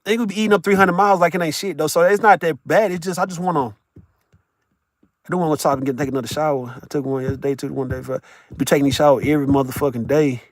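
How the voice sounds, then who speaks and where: In a casual live stream from his vehicle on a work drive, a man banters loosely with chat, boisterous and profane, laughing a lot. He speaks fast in a slightly high voice with fairly even intonation, captured in a dry, clean studio recording.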